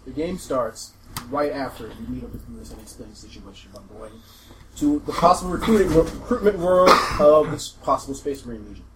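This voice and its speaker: A man's voice: fairly high pitch, background noise. Laid-back male game master. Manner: relaxed, laughs often, halting explanations. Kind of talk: narrating a tabletop game.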